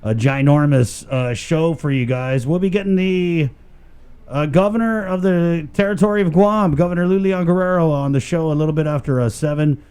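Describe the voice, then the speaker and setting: A man's voice: fairly high pitch, moderate pace, warm tone, clear, resonant tone. A man hosting a morning radio show, talking in loose, jokey banter with lots of fillers from a studio.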